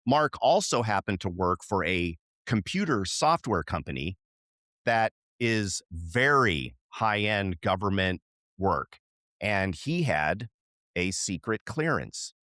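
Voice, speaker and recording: A middle-aged man co-hosting a podcast, telling a story in casual chat and jumping up in pitch when he acts out what people said. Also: takes it slowly, dry recording, clean studio sound. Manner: animated storyteller, voices quoted people with jumps in pitch. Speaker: podcast co-host.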